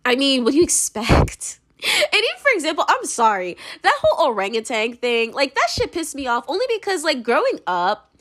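A woman's voice: sits high, huge pitch swings, normal speed, a bit bright. A young American woman giving her opinions in a casual monologue, rambling, blunt and profane, with lots of "like". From United States. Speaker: commentator.

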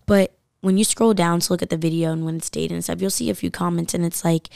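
A woman's voice: fairly low pitch, fairly even intonation, fast talker, vocal fry, few pauses, a little mellow, dry recording, studio quality. A young woman from the United States telling a story in casual podcast chat, full of fillers and likes. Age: young adult.

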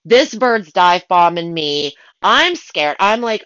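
A woman telling stories from her work as a pet sitter in a casual, animated way, acting out her own panicked thoughts. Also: mid-range voice, unhurried, dry recording, muffled recording. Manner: animated, dramatic retelling with excited asides. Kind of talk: casual storytelling.

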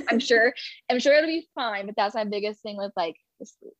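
A woman's voice: fairly high pitch, fast, no echo. Heartfelt pregnant woman, dry sound. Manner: emotional, heartfelt, laughs often. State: pregnant, third trimester. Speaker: podcast guest. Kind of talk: conversational interview.

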